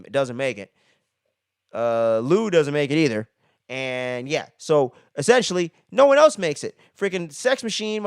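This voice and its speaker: A man gives a casual movie review full of spoilers, slangy and profane, ending many sentences with "man." His voice is fairly high and smooth, in studio quality with no echo.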